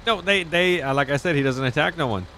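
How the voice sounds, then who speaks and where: A man's voice: a little high, fast talker, sharp tone, a little hiss or hum. A man chatting in character in a roleplay game, brash and profane but easygoing. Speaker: roleplay streamer playing a rich animal owner.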